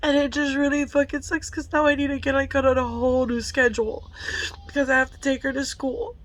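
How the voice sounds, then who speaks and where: High-voiced woman swearing through a raw story. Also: flat delivery, a little fast. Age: adult parent of a school-age child. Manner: heavy swearing, emotional, frank. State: tearful at times. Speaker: mother telling a personal story. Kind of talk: candid storytime vlog.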